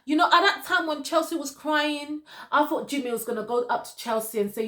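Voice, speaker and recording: A woman's voice: high-pitched, fairly quick, hardly any pauses, a bit bright. A woman reviewing a reality dating show, lecturing one cast member directly and repeating her points for emphasis.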